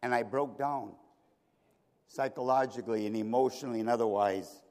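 A man voicing a worn-out wartime doctor, speaking in a grim, measured, weary way. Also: mid-range voice, fairly even intonation, darkish tone, pitched below the performer's own voice, lightly acted. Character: exhausted, hollow-eyed male war doctor. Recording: reverberant hall.

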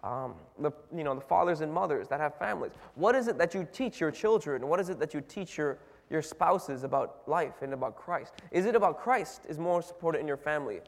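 A male preacher talks to his church in a loose, conversational way, asking one question after another. He often restarts his sentences and leans on fillers. His voice sits a little high for a man and rings out in a hall with a long reverb. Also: lively intonation, brisk, creaky, hardly any pauses. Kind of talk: sermon.

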